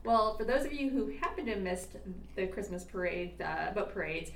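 A woman co-hosting a podcast in casual chat, upbeat and quick to laugh. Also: medium pitch, expressive, a little hiss or hum. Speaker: podcast co-host. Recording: roomy echo.

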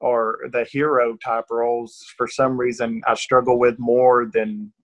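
A man's voice: mid-range voice, level tone, measured pace. A man from Northeast Georgia with a rural Georgia accent, answering interview questions as an actor guest in a chatty, self-deprecating way, laughing often and restarting his sentences.

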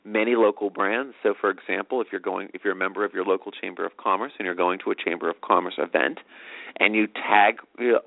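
A man hosting a talk show, explaining things quickly in a rambling way with many fillers. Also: on the low side, animated, creaky, dry recording. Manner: rambling, filler-heavy, fast. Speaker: host. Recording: tinny dry phone-like audio.

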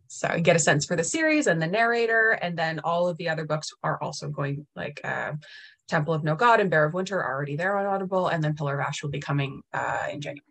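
A woman's voice: low voice, quick pace, creaky, fairly bright tone. A woman author as an interview guest, chatting casually and enthusiastically, with lots of "like" and "um". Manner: enthusiastic, many "like" and "um" fillers.

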